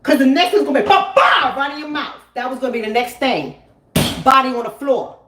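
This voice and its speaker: A woman hosting a live stream, telling a story and answering chat in an animated, emphatic way, often repeating lines for effect. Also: sits high, quick pace, reverberant, noisy background. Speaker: relationship coach and channel host.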